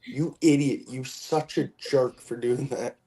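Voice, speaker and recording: A man in a casual convention chat, telling relaxed anecdotes. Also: mid-range voice, unhurried, poor audio.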